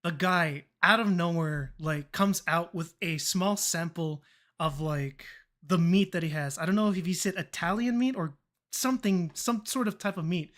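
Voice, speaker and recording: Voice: mid-range voice, moderate pace, fairly bright tone. A young adult streamer chatting casually, telling a rambling story full of fillers and mild swearing, acting out the lines of the people in it. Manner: rambling, laughing, swears, acts out quoted dialogue.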